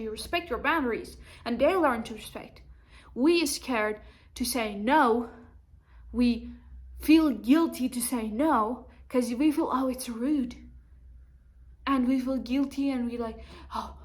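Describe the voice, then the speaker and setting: A young woman speaking to the camera from home, her voice sitting a little high for a woman. She tells a personal story and slips into a higher, livelier voice whenever she quotes someone. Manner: acts out quoted dialogue in a raised voice. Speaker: vlogger.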